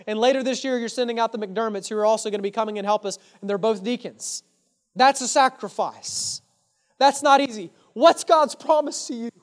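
Pastor guy preaching, emphatic, talks to the crowd like friends, asks questions and answers them. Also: very high-pitched. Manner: addresses the congregation directly and casually. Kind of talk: sermon. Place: church.

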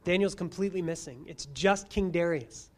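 A preacher giving a sermon, moving between quiet asides and loud emphasis and asking the listeners rhetorical questions. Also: medium pitch, moderate pace. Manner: addresses listeners as friends, asks rhetorical questions.

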